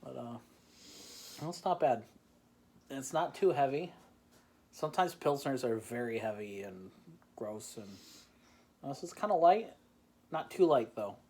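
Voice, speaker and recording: A man's voice: medium pitch, animated, a little slow, long pauses, a little mellow, husky. A man hosting a casual beer-tasting chat from home. He rambles, pokes fun at himself and laughs often. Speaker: host. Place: home in the Chicagoland area.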